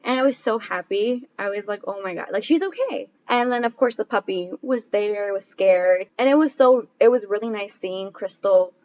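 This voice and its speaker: A woman's voice: medium pitch, moderate pace, few pauses, a little mellow, dull audio. A woman in her twenties co-hosting a podcast, telling stories casually, laughing often and acting out what people said. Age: 20s. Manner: chatty, laughs often, acts out quoted dialogue. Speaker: podcast co-host. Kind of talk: casual storytelling chat.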